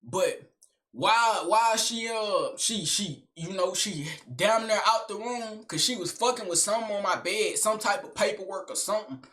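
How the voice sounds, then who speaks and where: A young man casually telling a family fight story in loose, animated street slang. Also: high voice, normal speed.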